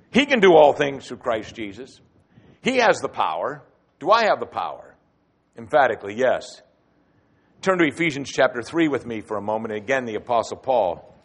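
Guy preaching a sermon, slightly high voice, gets loud on key words then drops quiet. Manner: expressive preaching, swinging between loud emphasis and quiet asides. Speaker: pastor.

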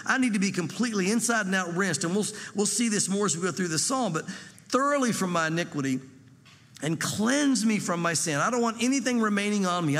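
A man's voice: high-pitched, a bit bright, long reverb tail. A man preaching an earnest sermon, acting out the prayers he quotes. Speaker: pastor.

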